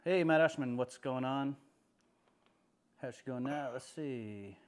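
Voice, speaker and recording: A man from Nova Scotia chatting on a livestream as a guest, relaxed and halting. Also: medium pitch. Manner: relaxed, halting with fillers and restarts. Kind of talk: casual livestream chat.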